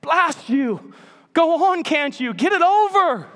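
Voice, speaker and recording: A thin, ghost-like man, voiced by a preacher, stammering and pleading in a high, strained voice. He sounds panicky and rushed, and long church reverb trails every word. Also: fairly bright tone. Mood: desperate outburst. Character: thin frightened ghost-like man clinging to his sin.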